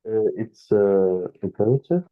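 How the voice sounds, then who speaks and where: Male student, low-ish voice, slow careful reader, thin phone-like audio. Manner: careful, halting reading. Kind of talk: reading scripture aloud in class. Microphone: video call. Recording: tinny video-call audio.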